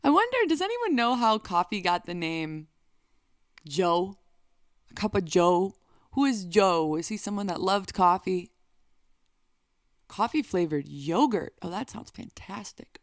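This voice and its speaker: Woman vlogger, unhurried and playful, chatty, dry close recording. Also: mid-range voice, big pitch swings, dry recording. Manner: playful and chatty, bursts into song. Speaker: singer and vlogger. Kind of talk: casual chat to camera.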